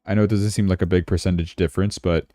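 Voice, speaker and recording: A man's voice: low voice, steady tone, fast talker, warm tone, dry recording, clean studio sound. A man hosting a casual crypto livestream, chatting and thinking aloud as he checks his charts, sounding tired. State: yawning, tired.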